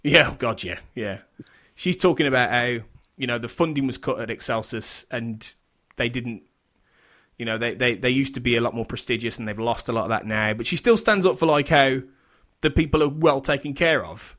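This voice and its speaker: Brief: male podcast host, mid-pitched, loose, rambling chat full of restarts and laughs. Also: moderate pace, a bit bright. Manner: rambling, self-interrupting, laughs often.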